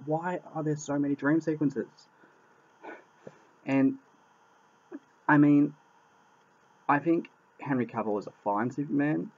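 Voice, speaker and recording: A man rants through a casual movie review, exasperated and quick to swear, circling back to the same complaints again and again. His voice sits at an ordinary middle pitch. The recording is dull and lo-fi. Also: a little mellow. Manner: exasperated, swears a lot, repeats himself. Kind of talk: casual spoken film review.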